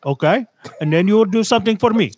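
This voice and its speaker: A man's voice: sits high, expressive, quick pace, over a noisy crowd. A man putting on an Indian accent to play a pushy, coaxing man who talks in short, broken sentences. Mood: wheedling. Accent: Indian, put on. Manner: coaxing, repetitive, clipped broken grammar.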